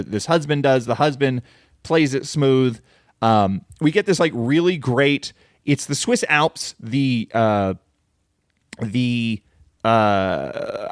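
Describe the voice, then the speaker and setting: A man's voice: medium pitch, no echo, studio quality. A man hosting a podcast, talking through a film in a rambling, casual monologue and cursing freely. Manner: rambling and conversational, swears freely, says "like" often. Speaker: podcast host.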